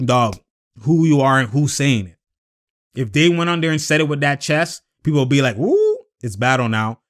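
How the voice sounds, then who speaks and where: A young man hosting casual basketball commentary on his own, talking in an animated, slangy, rambling way with lots of fillers. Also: medium pitch, clear, resonant tone.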